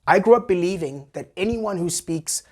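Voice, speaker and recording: Wry comedy host. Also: male voice, sits high, moderate pace. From South Africa. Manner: wry, animated, jumps into voices. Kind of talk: satirical commentary monologue.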